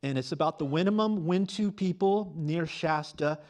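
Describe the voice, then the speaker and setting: Man, fifties, slightly raised pitch; emotional award winner, stumbling and fighting back tears. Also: a little mellow. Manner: halting, full of fillers, earnest. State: on the verge of tears. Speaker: award winner and graduate student. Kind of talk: emotional acceptance speech. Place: on stage at a campus award show.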